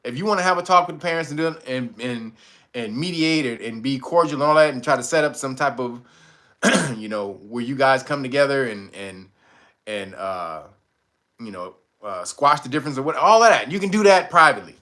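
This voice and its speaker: Male host, casual commentary, lively swooping delivery, bright edge, laughs a lot. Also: mid-range voice, fairly quick. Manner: animated, laughs often, profane slang.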